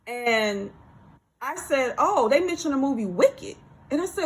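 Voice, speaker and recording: A woman tells a story in a relaxed, chatty monologue, her voice sitting high. She is animated, circling back over her points and acting out other people's lines as she goes. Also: moderate pace, poor audio. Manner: animated, repeats herself, acts out coworker's lines. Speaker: channel host telling a workplace story.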